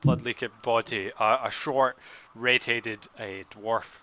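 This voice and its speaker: A man's voice: mid-range voice, flat delivery, takes it slowly, bright, forceful tone, low-quality recording. A man running a tabletop game, narrating casually with lots of restarts and hesitations. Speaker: game master. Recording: room with people chatting.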